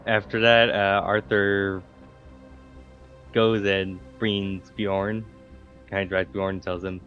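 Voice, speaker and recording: A man's voice: low-pitched, little pitch movement, slow pace, long pauses, soft background music. Laid-back man, slightly lo-fi. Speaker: player. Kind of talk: casual table talk.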